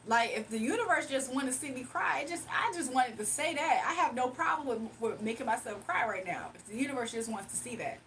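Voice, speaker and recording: A woman chatting casually with her viewers on a livestream, animated and laughing often. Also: high-pitched, brisk, few pauses, a little hiss or hum.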